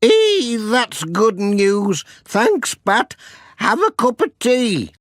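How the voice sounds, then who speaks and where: Male reader doing a high, slow old granny for a storybook, kindly and fussy, dry sound. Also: huge pitch swings, fairly bright tone, dry recording, heavily acted. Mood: pleased. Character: elderly country grandmother, kindly and fussy.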